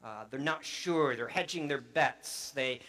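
A man's voice: medium pitch, a little slow, sharp tone. A man preaching as pastor, reading scripture earnestly and breaking into conversational asides.

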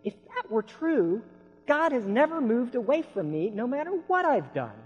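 A man preaching a sermon, telling a story dramatically and swinging between hushed lines and loud outbursts. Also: very high voice, very animated, moderate pace, breathy edge, dull audio. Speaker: pastor. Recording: long hall reverb.

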